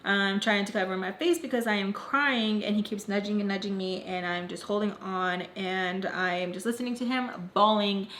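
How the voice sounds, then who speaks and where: A young woman retelling a personal story in a casual, animated storytime vlog, acting out the quoted lines. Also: medium pitch, normal speed, hardly any pauses, a little hiss or hum. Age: young adult. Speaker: storytime vlogger. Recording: roomy echo.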